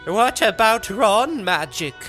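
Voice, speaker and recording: Nervous young wizard boy, read by a man, high, slow, quavering, storybook. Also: expressive, fairly bright tone, faint music behind, heavily acted. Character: jittery schoolboy wizard, young.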